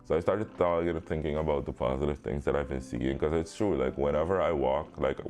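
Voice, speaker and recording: A man's voice: extremely low pitch, brisk, darkish tone, faint music behind. A young man hosting a podcast, telling a story in a loose, slangy way, saying bro constantly and swearing freely. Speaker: podcast host. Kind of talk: casual storytelling chat.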